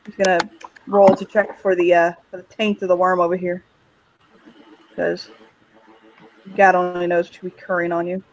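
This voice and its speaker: High-voiced hesitant game master. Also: male voice, monotone, normal speed, long pauses, highs cut off, slight background noise. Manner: hesitant, many fillers. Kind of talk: narrating a tabletop game.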